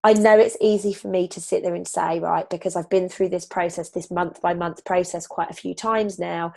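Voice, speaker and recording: A slightly husky woman, leading a motivational team training on a video call from home, animated and casual, with the odd swear word. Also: lowish voice, normal speed. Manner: animated, swearing, upbeat pep talk. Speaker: team leader.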